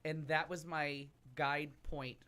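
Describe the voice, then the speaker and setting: A man's voice: fairly high pitch, level tone, slow pace, bright, forceful tone, clear, resonant tone. A man on a talk show telling a long travel story in a casual, rambling way with lots of asides. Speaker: podcast cast member telling a travel story. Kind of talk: casual chat.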